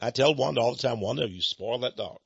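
A man's voice: mid-range voice, quick pace, gravelly, slightly rough, dry recording, lo-fi sound. A man hosting a radio show, rambling and chuckling as he tells teasing stories in a folksy way.

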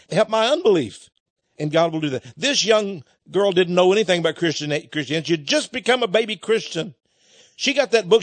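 A folksy male preacher with a somewhat high voice, chuckling now and then as he speaks to his listeners as friends. The recording is close and dry, with no room sound. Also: no room sound. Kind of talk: sermon with a personal story.

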